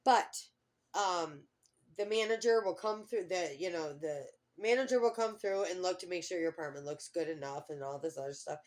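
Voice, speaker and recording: A woman's voice: lowish voice, lively intonation, moderate pace, darkish tone. A middle-aged woman talking to her camera in a casual personal vlog, rambling and heartfelt, often trailing off mid-thought. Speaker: vlogger.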